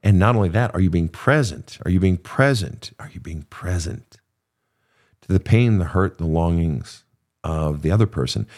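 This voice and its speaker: A man's voice: deep voice, moderate pace. An older man hosting an advice show, talking casually and profanely, acting out quotes from clients as he tells stories. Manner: animated, profane, storytelling with acted quotes. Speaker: podcast host and therapist.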